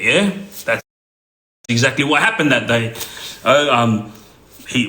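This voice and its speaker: A man's voice: a little high, sharp tone, roomy sound, rough recording. An Australian man casually telling a story to his viewers, rambling with lots of fillers. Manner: rambling with many fillers and restarts.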